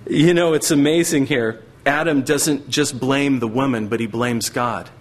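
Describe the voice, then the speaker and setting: A man's voice: mid-range voice, fairly even intonation, measured pace. A middle-aged man preaching a sermon earnestly, now and then acting out the voices of biblical figures. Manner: earnest, acts out voices of God and Satan. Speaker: pastor.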